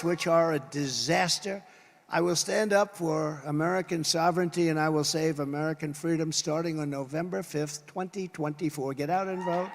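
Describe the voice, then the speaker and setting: An older man giving an emphatic campaign rally speech, hammering home points in punchy repeated lists. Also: sits high. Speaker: political candidate at a rally. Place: large rally venue. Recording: long reverb from a large venue.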